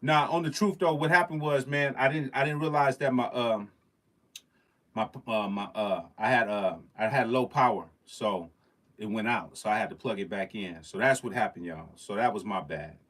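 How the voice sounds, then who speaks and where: A man's voice: fairly low pitch, normal speed, fairly bright tone. Slangy emphatic man chatting live. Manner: slangy, emphatic, repeats phrases, addresses the chat directly. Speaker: livestream host. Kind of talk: casual livestream chat.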